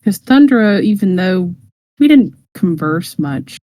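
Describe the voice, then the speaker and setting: A woman playing her character in a tabletop game, speaking softly and hesitantly. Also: on the low side, animated, takes it slowly, dry recording. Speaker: player.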